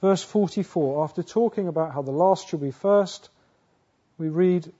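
A man preaching a sermon earnestly, asking rhetorical questions, restarting phrases, rising to loud emphatic peaks and sinking low again. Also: moderate pace, slightly rough. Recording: dull lo-fi sound.

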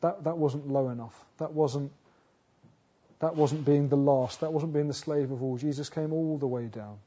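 Man, sermon, husky mellow voice, emphatic swells, rhetorical questions, muffled lo-fi recording. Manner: earnest, building to loud emphatic peaks, then dropping low; halting restarts and rhetorical questions. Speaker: preacher. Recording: dull lo-fi sound.

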